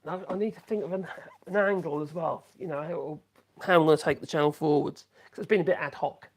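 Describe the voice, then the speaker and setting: A man talks fast, with a slightly high voice and fairly even intonation, during a casual woodworking live stream. He rambles while he works, correcting himself and humming little tunes between thoughts.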